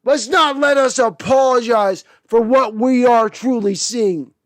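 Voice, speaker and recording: A man hosting a sports podcast, swearing and ranting, moving between heated shouting and low mumbling. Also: measured pace, dry recording. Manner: profane, shifting from fiery shouting to low muttering. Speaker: podcast host.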